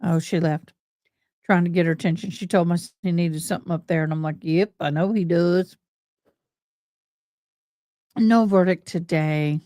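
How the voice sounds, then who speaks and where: A woman's voice: fairly low pitch, normal speed, darkish tone, no room sound, studio quality. A woman from Missouri, hosting a livestream in a chatty, rambling, folksy way. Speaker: livestream host. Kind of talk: casual livestream chat.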